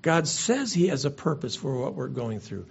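A man's voice: mid-range voice, very animated, moderate pace, vocal fry, breathy edge. A man preaching a sermon as pastor, earnest and conversational, sometimes restarting his words. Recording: dull lo-fi recording.

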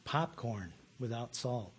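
A man preaching a sermon, folksy and animated, with repeated words and frequent chuckles. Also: medium pitch, slow, a little hiss or hum.

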